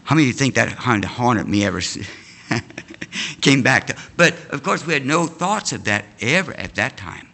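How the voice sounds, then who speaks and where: A man's voice: mid-range voice, lively intonation, moderate pace, creaky, bright, forceful tone. An older man from an Amish background, giving a folksy storytelling testimony as a guest preacher in a church. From Amish community. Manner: folksy storytelling, addresses the congregation. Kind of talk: sermon testimony.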